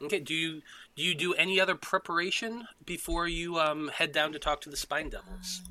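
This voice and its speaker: Bright-voiced man running a tabletop game. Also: a little high, a little fast. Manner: loose, filler-heavy narration. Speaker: game master.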